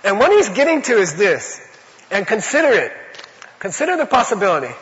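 In a high-pitched, very animated and slightly bright voice, a Buddhist teacher talks briskly through an informal teaching. He rambles, says "you know" a lot and laughs while telling his stories, recorded in an echoey hall with dull lo-fi audio.

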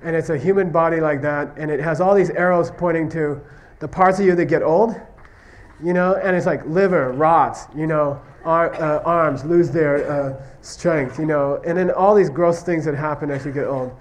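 Man lecturing with a fairly high voice. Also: normal speed. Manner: repeatedly checks understanding with "okay?" and "you see what I mean?"; tells stories, acting out question-and-answer exchanges. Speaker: Buddhist philosophy teacher. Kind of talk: conversational classroom lecture.

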